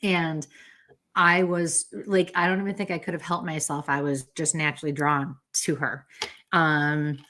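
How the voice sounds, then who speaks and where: Middle-aged woman, low voice, chatty guest who laughs a lot and doesn't mind swearing. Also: level tone, moderate pace, bright, forceful tone. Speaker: podcast guest, medium. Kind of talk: casual chat.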